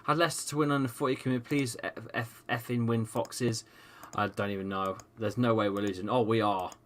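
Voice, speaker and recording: A man's voice: medium pitch, fairly quick, a little hiss or hum. A man hosting a live football watchalong stream, ranting at the match, swearing and reading out viewers' chat. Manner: excitable, swears freely, rants at the match; reads out viewers' chat messages.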